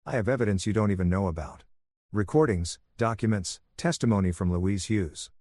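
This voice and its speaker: A man voicing a betrayed husband who speaks with calm, controlled menace, in a dry, close recording. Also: lowish voice, brisk, dry recording, lightly acted. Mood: menacing. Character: cold, vengeful betrayed husband, adult man.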